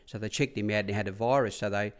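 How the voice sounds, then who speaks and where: An Australian man with a lowish, steady voice talks rapid-fire about his track-riding past. His storytelling is casual and rambling, full of repeated "he said" and "I said."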